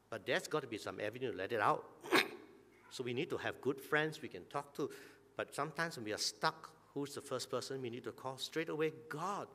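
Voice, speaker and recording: A male pastor giving a conversational sermon in a church, putting rhetorical questions to the congregation and often clearing his throat. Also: mid-range voice, a bit bright. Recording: long church-hall reverb.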